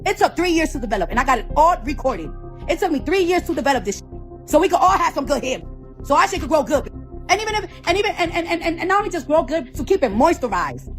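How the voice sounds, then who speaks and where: A woman ranting off the cuff as the founder of a hair product, profane and confrontational, repeating phrases over and over. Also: high voice. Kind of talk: heated off-the-cuff rant.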